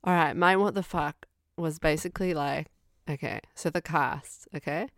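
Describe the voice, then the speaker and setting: Woman co-host, low pitch, dry close sound, rambling film chat with lots of fillers. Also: moderate pace, dry recording. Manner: rambling, heavy on fillers, acts out her reactions. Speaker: podcast co-host. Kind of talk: casual film review chat.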